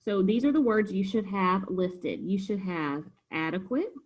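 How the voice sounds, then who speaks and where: A woman's voice: mid-range voice, lively intonation, a little slow, rough recording. A woman teacher patiently walking students through a homework review, step by step. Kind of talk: recorded homework review lesson.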